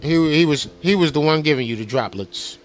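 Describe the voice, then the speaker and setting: A man hosting a podcast in a loose, cursing rant. His voice sits fairly high, full of street slang and jabbing rhetorical questions. Faint music runs underneath. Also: animated, brisk. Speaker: podcast host. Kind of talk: casual rant.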